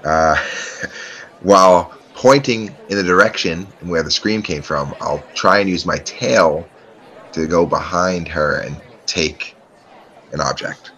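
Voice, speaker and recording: Deep-voiced tabletop player man. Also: a little slow, pushed and bright. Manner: hesitant, filler-heavy. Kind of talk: casual tabletop play.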